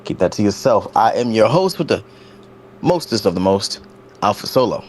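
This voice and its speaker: A man's voice: lowish voice, big pitch swings, moderate pace, a little hiss or hum. A man hosting a casual, comedic wrestling podcast, hyping up his co-hosts with jokes. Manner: joking, hype-man introductions. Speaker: podcast host.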